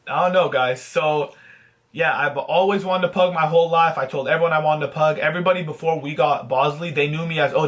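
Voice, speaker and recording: A chatty young man tells a rambling pet story to his vlog audience. He swears freely and slips into mock-dramatic sadness. His voice sits a little high for a man. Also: a bit bright. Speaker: vlogger.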